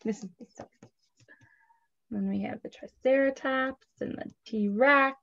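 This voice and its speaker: A woman in her thirties reads a picture book and sings to small children, gentle and expressive. She speaks slowly in a fairly high voice. The recording sounds dull and lo-fi. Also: gravelly. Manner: slow, gentle and expressive, singing and reading aloud. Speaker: preschool teacher. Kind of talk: children's story time and songs.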